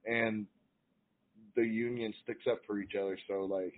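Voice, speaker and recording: Male guest with a lowish voice, loose filler-heavy explainer, phone-quality audio. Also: fairly even intonation, measured pace. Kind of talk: casual chat. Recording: tinny phone-like line.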